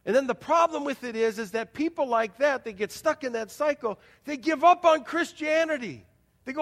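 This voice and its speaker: High-voiced pastor preaching in a reverberant hall. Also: male voice, animated, normal speed. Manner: folksy storytelling, rhetorical questions to the congregation; acts out quoted voices with big swings in loudness. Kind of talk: sermon. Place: church.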